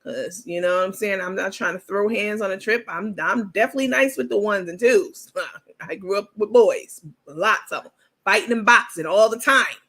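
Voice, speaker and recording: Bright-voiced woman host chatting candidly. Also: medium pitch, moderate pace. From New York. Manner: candid, bragging, uses baby and y'all. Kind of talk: casual commentary to viewers.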